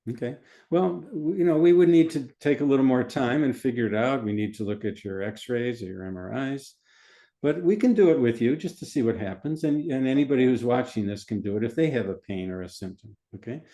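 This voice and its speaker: A man, a physician, explaining his methods in an interview in a calm, methodical way, often repeating phrases. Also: medium pitch, brisk.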